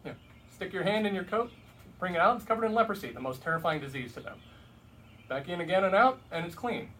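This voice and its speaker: A man's voice: high voice, expressive, fast talker, pushed and bright, pitched above the performer's own voice. A man voicing God as an impatient, exasperated male deity who gives blunt, matter-of-fact commands. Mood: brisk. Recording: distant mic with faint background noise.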